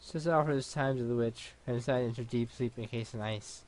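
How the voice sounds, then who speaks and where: A man reads a visual novel aloud in an even, unhurried voice of middle pitch, now and then tripping over a word. It has the plain feel of a let's play recording.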